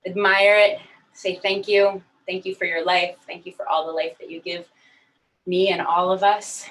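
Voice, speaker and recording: A woman's voice: lowish voice, level tone, moderate pace, fairly bright tone. A woman leading a guided movement and breathing session, soothing and encouraging with step-by-step cues. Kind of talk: guided exercise instructions. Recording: voice from far off the mic.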